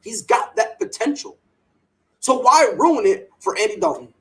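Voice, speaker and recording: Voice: medium pitch, big pitch swings, measured pace, rough recording. A sports podcast host giving opinionated takes in a fired-up, emphatic way, often repeating words and mocking others in put-on quoted voices.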